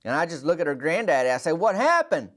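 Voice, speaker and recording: A man's voice: fairly high pitch, very fast. Folksy Southern man spinning a tale. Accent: Southern American. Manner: folksy, rambling, dry. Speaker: comedy storyteller and podcast host. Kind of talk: deadpan rural comic storytelling.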